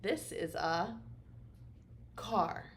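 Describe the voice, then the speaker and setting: A woman teaching a virtual preschool circle time, speaking slowly and encouragingly in an exaggerated sing-song manner. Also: mid-range voice, lively intonation, a little hiss or hum. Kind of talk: virtual circle-time lesson for young children.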